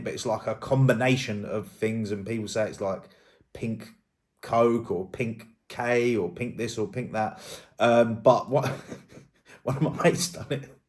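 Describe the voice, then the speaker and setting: A man's voice: mid-range voice, a little mellow. A man giving casual, rambling commentary as a YouTube drama host, thinking aloud and hedging as he goes.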